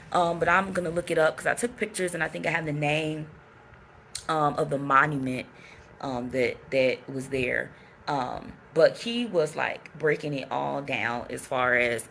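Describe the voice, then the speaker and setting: A woman vlogger with a low, gravelly voice, chatting to the camera about a trip. She rambles, restarts her sentences and exclaims often, with faint ambient sound in the background. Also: a bit bright, slight background noise. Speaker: travel vlogger. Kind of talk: casual trip recap to camera.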